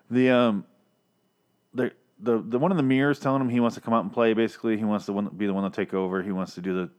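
A man casually reviewing a TV episode, rambling and swearing with frequent restarts. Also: on the low side. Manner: rambling, profane, many restarts. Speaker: podcast host reviewing a TV episode.

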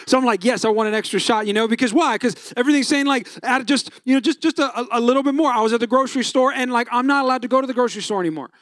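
A man's voice: very high-pitched, racing, hardly any pauses, fairly bright tone, no echo, studio quality. A man, preaching a sermon in a chatty storytelling manner, asking the crowd questions. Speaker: pastor.

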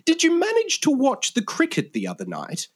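Man doing a prim, posh English gent; wildly swooping pitch, flowery wording. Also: wildly swooping pitch, moderate pace, no room sound, studio quality, exaggerated voice. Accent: put-on posh English. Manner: formal, flowery phrasing. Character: prim, pompous English gentleman.

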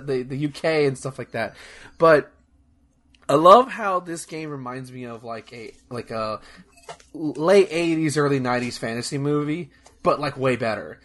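A man's voice: a little high, a bit bright. A young man chatting casually as a podcast host, rambling and enthusiastic, with lots of fillers, restarts and swearing. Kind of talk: casual chat.

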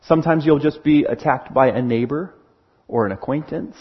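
A man preaching a sermon in an animated way, acting out little scenes as he explains. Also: fairly high pitch, moderate pace, breathy edge, muffled recording.

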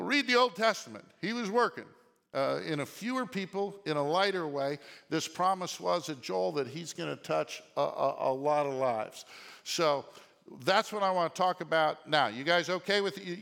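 A male pastor preaching a sermon in an animated way, often asking the congregation questions. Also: a little high, vocal fry. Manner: animated, asks the congregation questions, shouts quoted lines. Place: church sanctuary. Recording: long reverb of a church hall.

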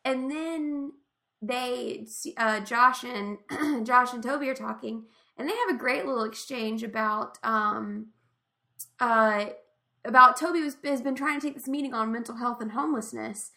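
A woman's voice: a little high, a little slow, vocal fry, bright, forceful tone. A woman co-hosting a podcast, chatting casually and enthusiastically as she retells favorite scenes, often laughing. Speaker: podcast co-host. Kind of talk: casual chat recapping a TV episode.

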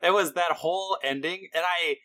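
A man joining a casual podcast chat, talking in an animated way with laughs. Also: high-pitched, moderate pace.

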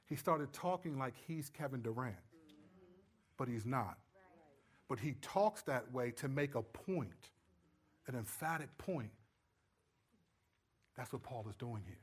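A man's voice: medium pitch, husky. A man preaching a sermon in a conversational way, checking in with listeners. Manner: conversational, checks in with the audience often. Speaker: pastor.

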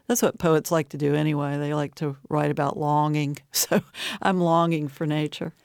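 Middle-aged woman poet from appalachia, gravelly, laughs a lot, dry studio sound. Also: low voice, level tone, normal speed, a little mellow, no echo. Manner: reflective, laughs often, small restarts. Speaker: poet guest. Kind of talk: casual interview chat.

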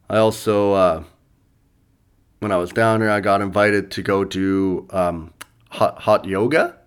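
A comedian and podcast host telling stories in a loose, rambling way, chuckling at his own punchlines. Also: lowish voice. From Canada. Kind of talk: casual storytelling monologue.

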